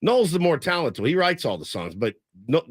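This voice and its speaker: A man's voice: on the high side, sing-song, normal speed, husky, no room sound. A man hosting a casual sports radio show in a studio, telling long rambling stories. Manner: rambling storyteller, imitates people he quotes. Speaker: radio host. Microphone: studio microphone.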